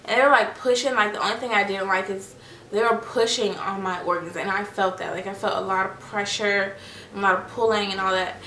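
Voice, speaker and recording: Chatty young woman, bright voice, echoey room. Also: mid-range voice, fairly even intonation, a little fast, a little hiss or hum. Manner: chatty, addresses viewers as "you guys" and "y'all"; acts out voices in her stories. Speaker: vlogger. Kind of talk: casual storytelling vlog. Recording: echoey room, mic at a distance.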